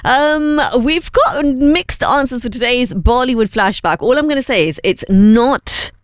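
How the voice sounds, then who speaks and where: A woman in her thirties hosting a breakfast radio show, chatting lively and laughing easily between news items and song requests. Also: sits high, unhurried, clean tone, dry recording, clean studio sound.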